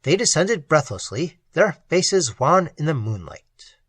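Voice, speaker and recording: A man narrating an audiobook in a dramatic, expressive way. His voice is husky, a bit higher than average, and swings widely in pitch. The recording is dry and close, with no room sound. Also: unhurried, dry recording. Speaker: audiobook reader.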